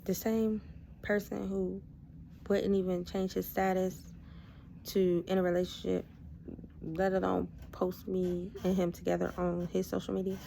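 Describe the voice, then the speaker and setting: A woman's voice: fairly low pitch, gravelly, slight background noise. A young adult woman, casually retelling a personal story and acting out what was said. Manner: animated retelling, acting out her own quoted lines. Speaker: video host sharing her testimony.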